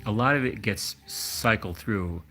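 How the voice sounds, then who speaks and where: A man's voice: fairly low pitch, measured pace, pushed and bright, faint music behind. A man hosting a livestream, chatting casually in a rambling, hesitant way with many restarts. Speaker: livestream host. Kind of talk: casual chat.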